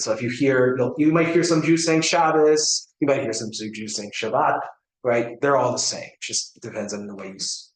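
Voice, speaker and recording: Brief: American man, rabbi teaching a class, chatty and halting, mid-pitched, echoey classroom. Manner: conversational, many fillers and restarts, checks on students. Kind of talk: informal class lecture. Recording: echoey room.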